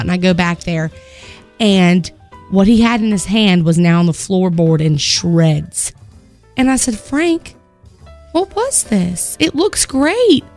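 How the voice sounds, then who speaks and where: A woman radio morning show host telling a story and reading announcements in an expressive, laughing way, her voice rising when she gets excited. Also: medium pitch. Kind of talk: chatty on-air storytelling and announcements.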